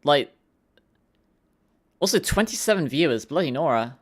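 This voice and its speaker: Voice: medium pitch, expressive, moderate pace. A streamer chatting casually with viewers, rambling with lots of filler words. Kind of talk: casual live-stream chat.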